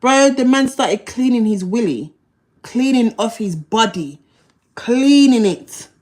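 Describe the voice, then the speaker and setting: A woman, hosting a livestream and speaking in a fairly high voice. Her delivery is blunt and slangy, full of swearing, and she repeats phrases as she tells her story. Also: animated, takes it slowly, a little mellow. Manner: blunt, slangy and profane, with many repetitions. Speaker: livestream host.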